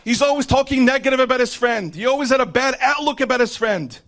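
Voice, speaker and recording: A man's voice: very high-pitched, animated, fast talker, fairly bright tone, full character voice. A man voicing an accusing male demon who urgently complains to God about a sinner, told within a religious class.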